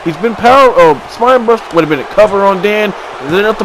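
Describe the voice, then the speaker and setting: A man giving excited play-by-play commentary on a video game wrestling match, swinging from low mutters to sudden shouts. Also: a little fast, few pauses. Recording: crowd and game noise behind.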